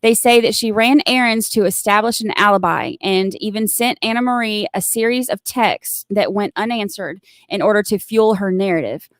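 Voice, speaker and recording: A woman's voice: medium pitch, normal speed, few pauses, no echo, clean studio sound. A woman with a Southern US accent, hosting a casual livestream, chatty and rambling with lots of fillers and restarts. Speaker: livestream host.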